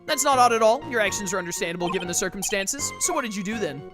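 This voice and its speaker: Lady reading an earnest young lawyer guy, pushy questions, lively voice, game music. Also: mid-range voice, racing, natural voice. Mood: pressing. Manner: pressing, questioning.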